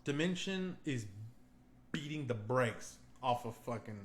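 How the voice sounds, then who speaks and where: Speaking unhurriedly in a mid-range voice, this young male podcast host spins a story during a relaxed conversation. He's profane and lively, performing other people's lines as he goes. There's a roomy echo and a little background noise.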